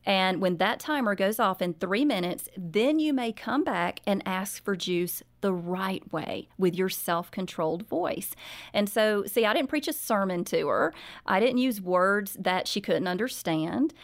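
A middle-aged woman talks with gentle, earnest sincerity, telling stories from home at an even, mid-range pitch. Her tone stays warm in intent and affirming as she answers. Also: unhurried. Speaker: author and guest. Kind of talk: radio interview, storytelling.

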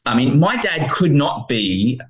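A man's voice: mid-range voice, big pitch swings, a little slow, slightly rough, highs cut off. A man speaking earnestly as a guest on fatherhood and faith, quoting scripture. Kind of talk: earnest podcast conversation.

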